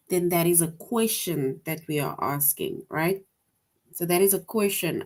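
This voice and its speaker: Woman teacher, low-pitched voice, slow and patient, repeats herself, keeps asking "right?". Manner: patient and repetitive, often adds "right?". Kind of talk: online grammar lesson for young children.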